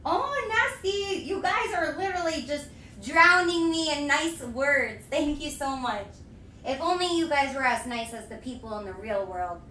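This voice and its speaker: A woman's voice: high-pitched, normal speed, pushed and bright, a little hiss or hum. A young woman chatting on a live stream, bubbly and effusive, often out of breath. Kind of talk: casual live-stream chat. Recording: echoey room, mic at a distance.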